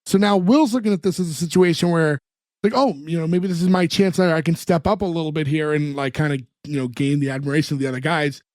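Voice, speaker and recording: Recapping a TV episode in casual podcast chat, a man co-hosting the show walks through a sitcom scene by scene and performs the characters' lines. His voice is a little high and darkish, his pace quick, and the studio-quality recording has no room sound.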